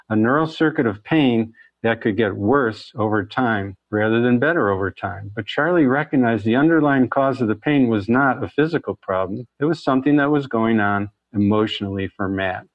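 Man, medical speaker, chatty storyteller, dull recording with no room echo. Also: medium pitch. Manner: conversational, storytelling, slips into quoted voices. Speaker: doctor giving a talk on chronic pain. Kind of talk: presentation talk.

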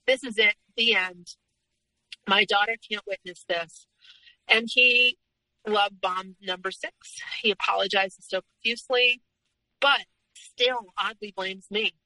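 Bright-voiced woman telling her story. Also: medium pitch, steady tone, no room sound, rough recording. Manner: earnest, halting, often pausing on um. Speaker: podcast guest. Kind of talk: recounting a personal story in a podcast interview.

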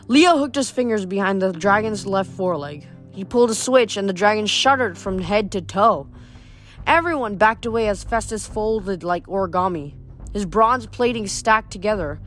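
A woman's voice: medium pitch, expressive, moderate pace, faint music behind. A woman reading a novel aloud, stumbling and restarting words now and then. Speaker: reader.

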